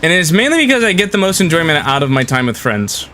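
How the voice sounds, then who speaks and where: Young man, game streamer, bright forceful tone, casual rambling chat, friendly with viewers. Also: a little high, very animated, fast, a little hiss or hum. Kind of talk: casual live-stream chat while gaming.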